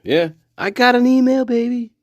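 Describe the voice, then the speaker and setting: A man's voice: very high-pitched, normal speed, no echo, dull audio. A man hosting a casual livestream, joking, swearing and laughing often. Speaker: channel host.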